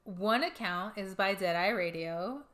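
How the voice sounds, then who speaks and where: A woman's voice: medium pitch, unhurried, fairly bright tone. A woman co-hosting a podcast, casually reading out ghost stories from her notes with giggly asides. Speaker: podcast co-host.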